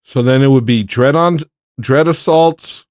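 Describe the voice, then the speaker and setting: A man's voice: mid-range voice, measured pace, darkish tone, no room sound, clean studio sound. A man hosting a livestream, chatting casually with viewers in an exasperated, incredulous, mock-outraged way. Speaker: livestream host.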